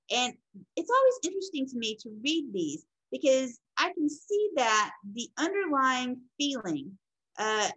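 A woman teaching a casual lesson, talking in a rambling, conversational way with fillers and self-corrections, gently reflective about feelings. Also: on the high side, low-quality recording. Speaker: instructor. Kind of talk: casual recorded lecture.

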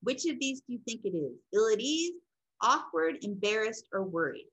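Middle-aged female lecturer, fairly high voice with wide animated pitch, teaching counseling skills and acting out example exchanges. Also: normal speed, breathy edge, low-quality recording. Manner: explains, then acts out client and counselor lines. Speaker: counseling instructor. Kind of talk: classroom lecture with role-play examples.

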